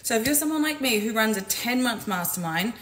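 A woman's voice: a little high, animated, fairly quick, fairly bright tone, rough recording. A woman who coaches businesses, venting in a casual, frank and profane vlog while making coffee at home. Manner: frank, profane, exasperated, chatty. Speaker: business coach and community owner. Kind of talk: casual vlog rant to camera.

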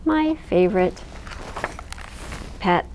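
Woman host, mellow, slow book introductions. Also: on the low side, expressive, slight background noise, rough recording. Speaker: storytime host. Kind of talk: children's storytime reading.

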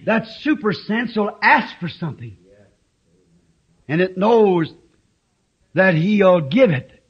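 High-voiced preacher, impassioned, on old tape. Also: male voice, big pitch swings, slow. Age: 50s. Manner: impassioned, swings to shouting. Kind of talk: fiery sermon. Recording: dull lo-fi old tape recording.

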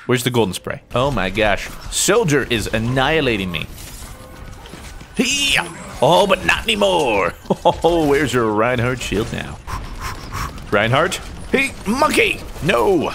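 A young man giving playful, jokey commentary over his own gameplay, swinging between excited yelps and mock-serious asides. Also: mid-range voice, normal speed, vocal fry, slight background noise. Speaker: gaming YouTuber.

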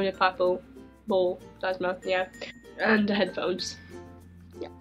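A young woman from Sweden chats to her camera in her bedroom, rambling, giggling and breaking off her own sentences. Her voice sounds strained and worn. Soft music plays faintly behind her. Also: medium pitch, highs cut off. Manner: rambling, giggly, self-interrupting. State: strained, fading voice. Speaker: vlogger. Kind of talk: casual chat answering viewer questions.

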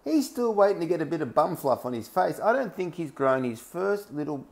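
A man's voice: fairly high pitch, big pitch swings, a little fast, creaky, a little mellow. A man with an Australian accent giving a mocking, ranting commentary over news clips. He often laughs between phrases and hammers home points with lists of single words. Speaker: online commentator.

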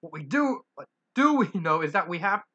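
Bold bouncy tiger, emphatic, lively swooping pitch, lo-fi dull sound, voiced by a reader. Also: normal speed. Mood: commanding. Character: bouncy bold tiger, self-appointed guard.

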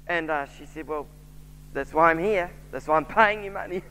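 Man, new zealand accent, preacher telling an anecdote, very high voice, echoing church hall. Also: a little fast, sharp tone, slight background noise. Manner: storytelling, voicing characters in quotes. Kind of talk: sermon with anecdote.

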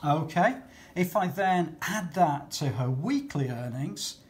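A man's voice: fairly high pitch, expressive, takes it slowly, a little mellow. A man talking through maths exam questions in a patient, chatty way, often checking in with "okay". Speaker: maths teacher.

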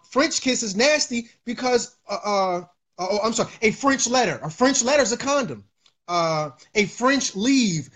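A man's voice: extremely high pitch, a bit bright. A man hosting a casual livestream, preaching in a loose way, with many fillers and repeated lines. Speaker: livestream host.

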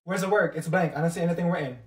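A stern female teacher scolds her class in an exasperated tone, played by a man in a comedy sketch. The voice sits high for a man. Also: rapid-fire, reverberant, distant mic, close to an everyday voice.

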